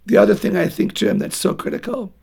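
A woman's voice: medium pitch, fairly even intonation, brisk, gravelly, a little mellow, slightly rough. A woman speaking as a guest on a parenting interview, earnest and emphatic as she urges parents on. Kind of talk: radio interview talk.

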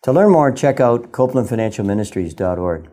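A man's voice: lowish voice, lively intonation, fairly quick, background noise. A man reading a scripted radio spot, earnest and a little preachy. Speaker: radio guest giving financial advice.

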